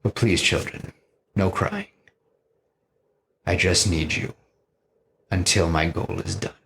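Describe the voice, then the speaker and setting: A vengeful god-slayer, grieving and low-voiced, put on by a man retelling a scene. He speaks slowly and quietly, brooding over old wounds. The voice is deep and unhurried. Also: a little hiss or hum.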